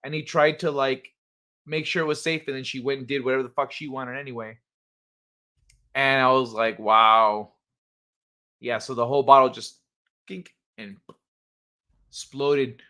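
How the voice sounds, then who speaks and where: A man's voice: medium pitch, level tone, fairly quick, a bit bright. A man hosting a livestream, chatting casually and reading viewers' messages aloud with loose, profane asides that trail off into mumbles. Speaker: livestream host.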